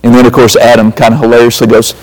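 A man's voice: mid-range voice, completely flat delivery, fast talker. A man preaching a sermon as a pastor, emphatic, repeating phrases and calling out to the congregation. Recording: reverberant hall.

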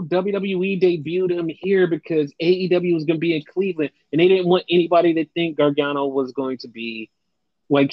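On a dry, slightly dull podcast mic with no echo, a young man with a fairly high voice chats about wrestling as co-host. He's animated, curses a lot, and imitates fans with over-the-top voices.

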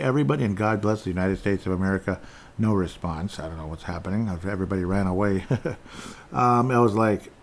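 A man's voice: on the low side, a little fast, a little mellow. A man hosting his own show, talking through news items in a rambling, sarcastic way with many restarts. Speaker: podcast host. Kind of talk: casual political commentary.

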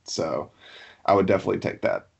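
A man from Alabama with a low voice and a gravelly edge to it. He talks as a podcast guest in a loose, rambling way, chuckling as he goes. His speech drifts along in a relaxed, unhurried way. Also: highs cut off. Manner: laid-back, rambling, laughs easily. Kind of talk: casual chat.

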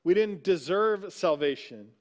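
High-voiced man preaching conversationally. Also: animated, a little slow, darkish tone. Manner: conversational preaching, frequent "right?" asides. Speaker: pastor. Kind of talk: sermon. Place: church sanctuary.

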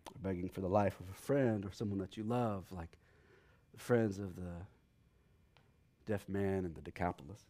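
A pastor with a low voice preaches at normal speed, pausing often. His sermon opens with an excitable personal travel story in which he acts out the people involved, then settles into calmer Bible teaching.

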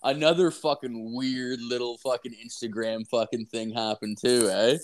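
A man's voice: medium pitch, normal speed. Young man, casual co-host, profane rambling storyteller. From Canada. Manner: profane, rambling, heavy filler words; animated, acts out voices in anecdotes.

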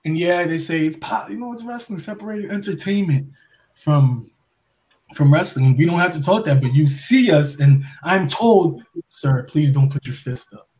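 High, animated man ranting passionately. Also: moderate pace. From New York. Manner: preachy, rhetorical questions, swings loud and soft. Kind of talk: impassioned monologue.

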